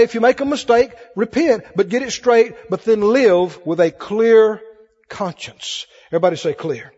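Speaking at normal speed, this pastor has a high voice that's a little mellow and slightly rough. He delivers an emphatic sermon in a church hall, calling for responses from the congregation, captured in lo-fi with heavy hall echo.

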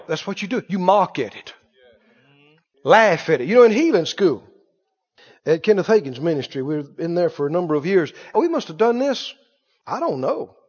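Very high-pitched fiery male preacher. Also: muffled recording. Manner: fiery, colloquial preaching with mocking asides. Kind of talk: sermon.

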